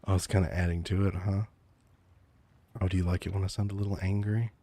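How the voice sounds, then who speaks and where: Male streamer, very low mellow voice, whispered role-play, teasing and calmly menacing, close mic. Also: fast talker, no room sound. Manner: soft, teasing, mock-menacing calm. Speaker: VTuber streamer.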